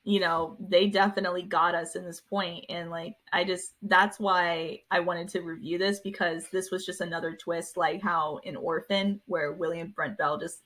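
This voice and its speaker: A woman co-hosts a casual podcast conversation. She is easygoing and often chimes in with short agreements. Her voice is on the lower side. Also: steady tone, moderate pace, hardly any pauses, fairly bright tone. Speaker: podcast co-host. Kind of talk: casual chat.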